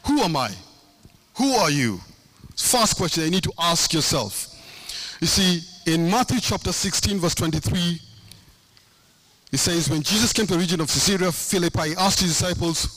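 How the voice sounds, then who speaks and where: High bright-voiced man preaching a sermon. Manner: impassioned, sing-song preaching cadence with repetitions.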